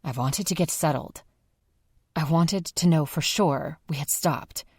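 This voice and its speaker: A woman reading an audiobook and voicing a reserved Serbian man who speaks slowly and skips contractions. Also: deep voice, a little mellow, husky, no room sound, clean studio sound. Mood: guarded. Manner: slow, clipped, avoids contractions. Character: reserved adult Serbian man, terse and guarded.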